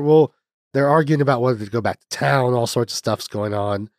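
A man hosting a podcast, giving a loose, profane recap of a film's plot. His pitch sits in an ordinary middle range, and he keeps breaking off to chuckle at his own asides. The recording is dry and close, with no room sound. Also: steady tone, fairly quick, darkish tone, no room sound. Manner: rambling, profane, laughs at his own jokes. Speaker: podcast host recapping a film. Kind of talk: casual movie recap.

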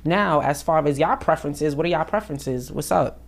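A woman hosting a podcast, chatting in loud, laughing, slangy banter with her guests. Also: low-pitched, a little fast, gravelly. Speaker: podcast host. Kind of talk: casual chat.

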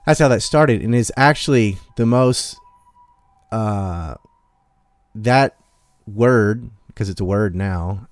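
Man, low voice, dry close sound, casual opinionated talk, swears freely. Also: no echo. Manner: blunt, profane, animated storytelling.

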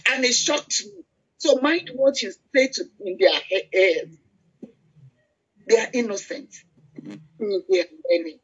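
An older woman preaches in a plain, storytelling way, leading her listeners toward prayer. Her voice is husky, and she stumbles and restarts as she talks. The recording sounds dull and lo-fi. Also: a little high, animated. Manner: storytelling, halting with fillers and restarts. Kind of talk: conversational sermon with prayer. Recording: muffled lo-fi recording.

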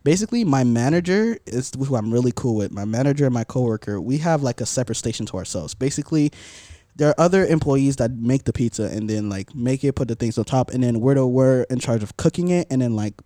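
Young man, mellow and dry, loose rambling storyteller in casual chat. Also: medium pitch, animated, fast, dry recording. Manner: rambling storytelling with many fillers. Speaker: podcast storyteller.

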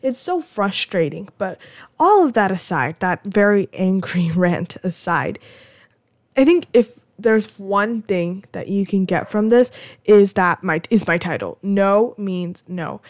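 A woman's voice: medium pitch, darkish tone. A young woman hosts her own podcast, talking with heated, impassioned energy. She stumbles and restarts as she pushes her point. The sound is dry and close, with no room echo. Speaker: podcast host. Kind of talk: casual solo rant.

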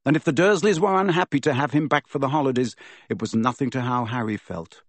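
A man giving an expressive, measured audiobook narration, close to the mic. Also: medium pitch, no room sound. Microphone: close studio mic.

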